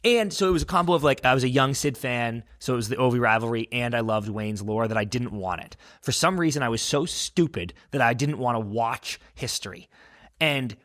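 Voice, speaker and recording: A man's voice: mid-range voice, a little fast, a bit bright. A man co-hosting a podcast, chatting casually and emphatically, with some swearing. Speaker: podcast co-host. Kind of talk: casual sports chat.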